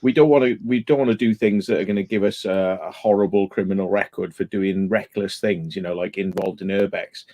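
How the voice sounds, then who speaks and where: Brief: man, mellow voice, measured and halting, casual chat. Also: low voice, steady tone. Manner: halting, measured, full of restarts. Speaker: urban explorer.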